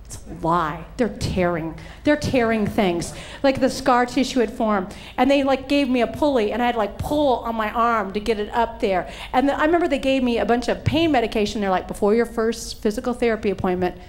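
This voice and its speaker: In a fairly high voice that runs a little fast, a middle-aged woman tells funny stories during her sermon. Her delivery is animated, with quoted lines acted out in character.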